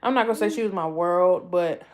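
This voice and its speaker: A woman's voice: on the low side, brisk. Heartfelt, rambling woman streamer from the East Coast. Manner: heartfelt, rambling, repeats herself. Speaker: YouTube livestream host. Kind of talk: casual livestream chat.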